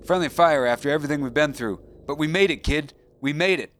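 A man voicing a frantic soldier who calls out loudly and is close to tears as he rescues his buddy. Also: medium pitch, quick pace, voice pushed up, close to an everyday voice. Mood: tearful relief. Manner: shouting, emotional, near tears.

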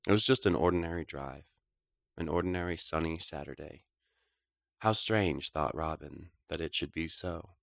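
A man reading a novel aloud in a quiet, reflective, measured way. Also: extremely low pitch, creaky, dry recording. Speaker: audiobook narrator. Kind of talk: scripted narration of a novel.

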